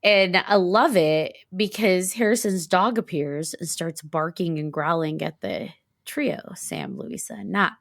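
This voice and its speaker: A woman's voice: lowish voice, measured pace, creaky, no echo, clean studio sound. A woman co-hosting a casual book-discussion podcast, retelling the story animatedly, acting out characters' lines and laughing often. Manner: laughs often between phrases. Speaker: podcast co-host.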